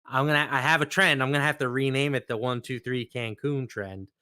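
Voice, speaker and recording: A man working as a sports betting analyst, walking through trends and numbers in casual, measured talk. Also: mid-range voice, fairly even intonation, bright, forceful tone, clear, resonant tone, no room sound, clean studio sound. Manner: measured, stat-driven explanations.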